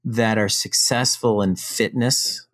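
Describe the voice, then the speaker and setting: Middle-aged man, low voice, podcast guest, animated and frank, casual storytelling. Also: slow, no room sound, clean studio sound.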